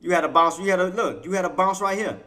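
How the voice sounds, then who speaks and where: This trading streamer talks fast in a high, pushed, bright voice. His live intraday commentary is casual and colloquial, addressed to chat as "y'all," with lots of repetition and quiz questions for viewers.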